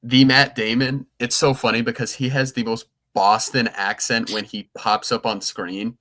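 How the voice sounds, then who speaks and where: A man's voice: medium pitch, level tone, moderate pace, sharp tone. A young man co-hosting a podcast, chatting casually and rambling with frequent restarts. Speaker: podcast co-host. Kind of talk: casual chat.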